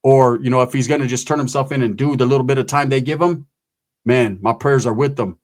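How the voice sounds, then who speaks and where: A man's voice: mid-range voice, steady tone, a little fast. A man giving casual vlog commentary in streetwise, slang-heavy talk, swearing freely. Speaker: channel commentator.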